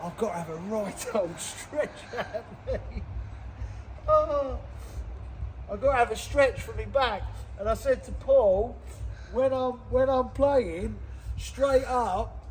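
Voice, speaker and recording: With a noisy crowd behind him in an indoor nightclub, a fifty-something DJ from England talks to camera for his tour vlog. His voice is extremely high-pitched and he takes it slowly, cursing freely and bantering with fans.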